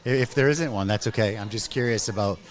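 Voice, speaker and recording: Chill podcast host guy, lowish voice, says okay okay a lot, friendly rambling questions. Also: quick pace, crowd noise. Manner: easygoing, lots of "okay" and "cool". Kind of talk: casual interview.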